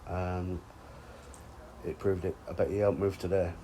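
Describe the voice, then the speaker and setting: A man's voice: deep voice, little pitch movement, measured pace, warm tone, a little hiss or hum, rough recording. A man chatting casually outdoors by a fishing lake, with sweary, teasing banter. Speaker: angler and vlog host. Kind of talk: casual chat.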